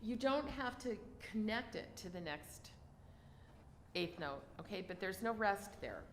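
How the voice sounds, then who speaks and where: A woman's voice: medium pitch, lively intonation, measured pace. Woman, piano masterclass adjudicator, effusive, scats rhythms aloud, echoey room, faint hiss. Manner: effusive, sings rhythms aloud while explaining. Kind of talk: masterclass feedback.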